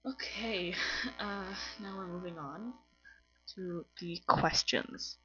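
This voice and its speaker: A woman with a French accent gives a casual lesson to camera at home, sounding tired and apologizing often. She talks slowly in a lowish voice, giggling and restarting her sentences. The recording is dull and lo-fi, with faint music behind her. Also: fairly bright tone. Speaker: language teacher on her own channel. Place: home room with colored lights.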